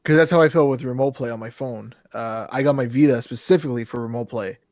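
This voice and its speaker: Man, podcast co-host, laid-back casual chat, medium pitch, dry close sound. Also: fast, darkish tone, no room sound. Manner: laid-back, short replies.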